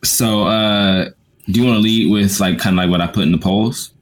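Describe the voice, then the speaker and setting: A man's voice: lowish voice, steady tone, moderate pace. A man co-hosting a casual podcast chat, laid-back and slangy. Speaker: podcast co-host.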